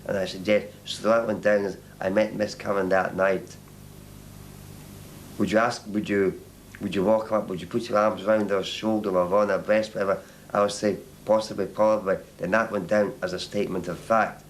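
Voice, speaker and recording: A man giving a halting archival interview, often repeating and restarting his words. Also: on the low side, fairly even intonation, a little hiss or hum, rough recording.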